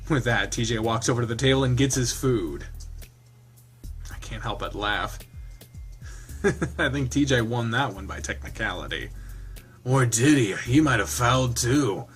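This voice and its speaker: Man narrating a visual novel playthrough, casual, rambling asides, medium pitch. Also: lively intonation, a little slow, pauses often, soft background music. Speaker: game streamer. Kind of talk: reading a visual novel aloud with commentary.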